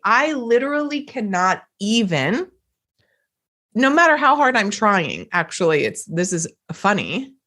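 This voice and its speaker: A woman's voice: fairly low pitch, fairly bright tone. A woman hosting a motivational podcast, talking emphatically and repeating phrases for effect. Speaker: podcast host, coach.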